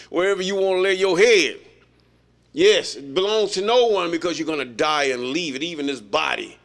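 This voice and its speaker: A man's voice: on the high side, moderate pace, creaky, a bit bright. A man leading an informal Bible study, reading verses aloud and then commenting on them in a folksy, emphatic way. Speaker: Bible teacher.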